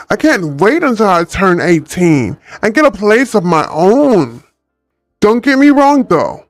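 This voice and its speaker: A relaxed, chatty man reads a story aloud on a livestream, ad-libbing as he goes. He talks unhurriedly, his pitch leaping around lively. The sound is dry and close, with faint music behind him. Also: no echo. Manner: laid-back, chatty, ad-libbing. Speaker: streamer reading a book. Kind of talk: casual livestream story reading.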